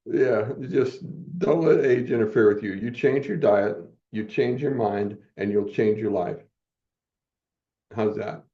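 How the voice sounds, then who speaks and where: As a guest on a podcast interview, a man in his seventies tells personal stories in a motivational way, performing the quoted lines as he goes. He speaks a little slowly in a fairly low voice, and the audio is dull.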